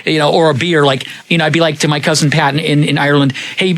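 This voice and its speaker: A man co-hosting a talk radio show, chatting casually and chiming in with quick agreements. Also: a little high, flat delivery, vocal fry, fairly bright tone.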